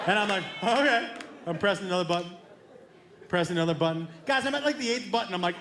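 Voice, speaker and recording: A man telling a stand-up comedy story, acting out both sides of a conversation with animated shifts in voice. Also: quick pace, background noise. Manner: animated, acts out dialogue with shifting pitch. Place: comedy club stage. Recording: echoey club with crowd laughter.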